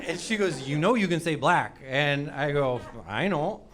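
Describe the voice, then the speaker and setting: Man in his forties, stand-up comic, slightly high voice, sheepish self-mocking delivery, loud live stage noise. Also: lively intonation, moderate pace. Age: 40s. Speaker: stand-up comedian. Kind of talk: stand-up comedy set. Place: comedy stage before a live audience. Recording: live crowd laughter, loud background noise.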